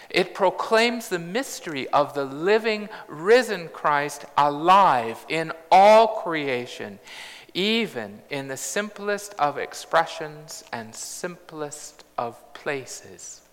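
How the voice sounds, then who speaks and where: A man in his fifties preaching a sermon in a large church, measured and reflective with bursts of humour. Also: on the high side, fairly bright tone. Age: 50s. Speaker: pastor. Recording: long church reverb.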